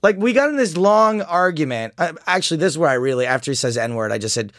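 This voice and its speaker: A man's voice: a little high, fast talker, few pauses, no echo. Man retelling a poker hand, dry sound. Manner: animated storytelling, mocks an opponent's angry chat. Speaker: poker player telling a hand story. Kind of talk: casual chat.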